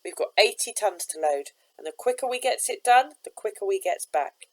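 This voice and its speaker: Woman doing gruff bossy barge master. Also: mid-range voice, lively intonation, moderate pace, pitched above the performer's own voice, natural voice. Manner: barking orders, rough grammar.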